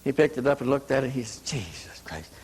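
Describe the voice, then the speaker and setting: A man's voice: mid-range voice, little pitch movement, racing, darkish tone, slightly rough, rough recording. A man speaking at a conference, telling a long personal story in a rambling way, restarting sentences and repeating words as he goes. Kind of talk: anecdotal storytelling. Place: conference hall.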